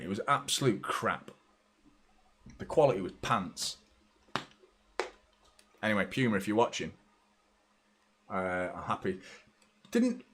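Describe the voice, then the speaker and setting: Give me an excitable man commentating live on a football match for his fans, casual and profane. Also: fairly low pitch, husky. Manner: excitable, swears freely, fan banter. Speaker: football watchalong host.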